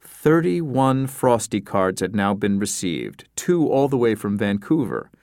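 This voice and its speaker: A man narrating an audiobook in an even, measured storytelling manner. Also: lowish voice, no echo, clean studio sound. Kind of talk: scripted narration.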